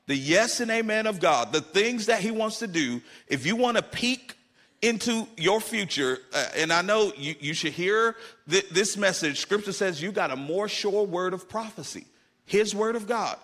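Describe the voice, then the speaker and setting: A man's voice: sits high, sharp tone. A middle-aged man preaching a sermon as pastor, with emphatic delivery that repeats key phrases.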